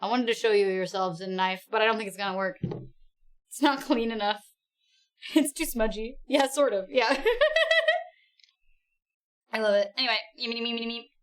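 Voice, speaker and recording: A woman streaming a game live, chatting casually, giggling often and gushing excitedly while rambling to herself. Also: a little high, normal speed, long pauses.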